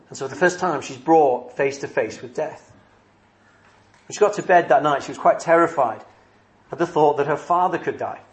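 A man preaching a sermon in an earnest way, alternating brisk stretches with slow, emphatic phrases. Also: mid-range voice.

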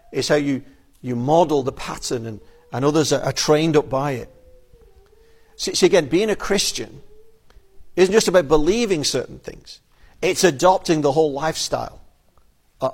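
A male pastor delivering a sermon from the pulpit. His voice sits a little above the usual male pitch. He speaks earnestly and often repeats a word as he begins a new phrase. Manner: earnest, repeats words when starting a phrase.

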